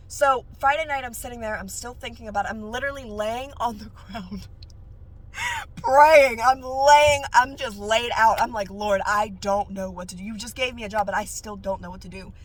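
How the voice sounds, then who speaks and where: A nail technician shares her faith testimony in a casual, animated way, her voice jumping up high whenever she gets excited.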